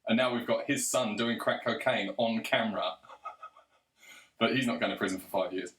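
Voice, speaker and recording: A man's voice: fairly low pitch, moderate pace, fairly bright tone. A man delivering an angry, sarcastic, profanity-laden rant to the camera. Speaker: video commentator. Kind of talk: ranting monologue. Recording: roomy echo.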